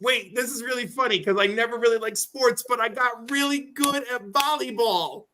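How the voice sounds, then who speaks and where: Guy with a bright high-ish voice, rambling through funny stories, acts out every bit. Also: normal speed. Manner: animated storyteller who acts out voices in his anecdotes. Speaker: guest on a collectibles stream. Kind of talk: casual chat, storytelling.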